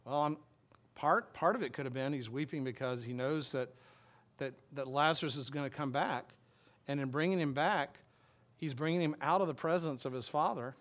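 A male pastor preaching a sermon in a conversational way, reading scripture slowly and explaining it with frequent restarts. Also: on the high side, fairly bright tone. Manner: reads scripture aloud slowly, then explains it plainly.

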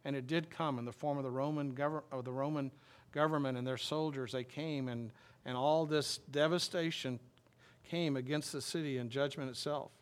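A male pastor preaching a sermon in a conversational way, reading scripture slowly and explaining it with frequent restarts. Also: mid-range voice, fairly even intonation. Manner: reads scripture aloud slowly, then explains it plainly.

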